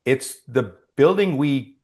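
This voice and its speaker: A man's voice: mid-range voice, slow. A man telling a story in a casual interview as the guest, acting out the voices of the people in it. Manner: animated storyteller, acts out voices. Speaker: actor guest.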